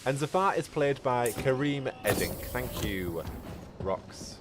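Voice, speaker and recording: A game streamer chats his way through live gameplay commentary, reading viewers' messages aloud and answering them. His voice is medium-pitched with lively intonation, and he talks slowly over a noisy background.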